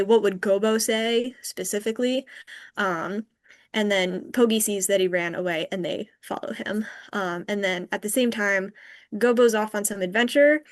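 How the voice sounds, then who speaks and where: A woman hosting a podcast, recapping an episode in casual chat, full of likes and ums. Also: medium pitch. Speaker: podcast host.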